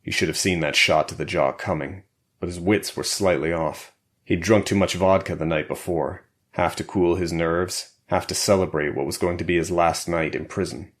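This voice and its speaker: Deep-voiced male audiobook narrator. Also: fairly even intonation, normal speed. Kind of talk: scripted narration.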